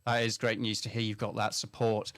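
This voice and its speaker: A man from southern England interviewing a friend, asking friendly, measured questions in a casual chat. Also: fairly low pitch, monotone, fairly bright tone, dry recording.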